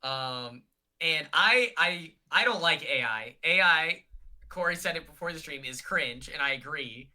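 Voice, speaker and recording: A man's voice: a little high, animated, unhurried, pushed and bright. A young man rambling in a casual livestream chat with lots of fillers, on a call. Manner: chatty, rambling, many fillers. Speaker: guest.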